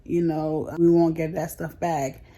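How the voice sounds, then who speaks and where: Low, mellow-voiced woman vlogging. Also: little pitch movement, unhurried, slight background noise. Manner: chatty, frank, heated retelling with slang. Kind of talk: casual storytime vlog.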